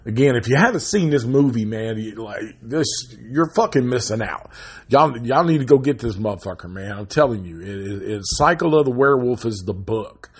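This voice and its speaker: A husky-voiced man retells a horror movie plot in a loose, rambling monologue. He swears constantly and jumps from plot points to his own opinions and rants. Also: medium pitch. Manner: rambling and profane, swearing heavily, gets loud and animated in rants. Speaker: movie reviewer. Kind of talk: casual profane movie recap.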